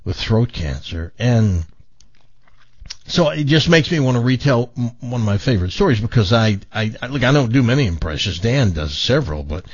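A man's voice: medium pitch, animated, normal speed, breathy edge, no room sound, dull audio. A male radio talk show host chatting on air in a reflective, rambling way, full of restarts. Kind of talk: casual on-air chat.

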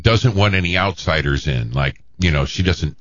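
Very deep-voiced, halting male co-host. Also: a bit bright, dry recording, dull audio. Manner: halting, with many fillers. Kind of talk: casual banter on a radio show.

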